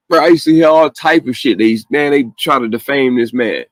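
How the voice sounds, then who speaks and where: A man's voice: a little high, fast talker, few pauses, no echo. Profane ranting man, dry close sound. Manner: profane, animated ranting with laughs. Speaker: call-in show host. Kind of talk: casual late-night call-in rant.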